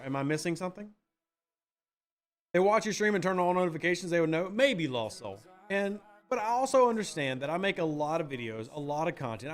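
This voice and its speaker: An American man talks loosely to his stream chat, reading out viewers' messages and answering them. His voice sits high and swings widely in pitch. A little music plays quietly underneath. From United States. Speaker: game streamer. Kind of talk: casual live-stream chat.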